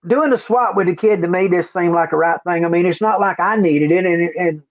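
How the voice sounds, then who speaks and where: High-pitched and a little fast, an older livestream host chats casually in a rambling, folksy manner, repeating himself. The audio is dry and tinny, like a phone call.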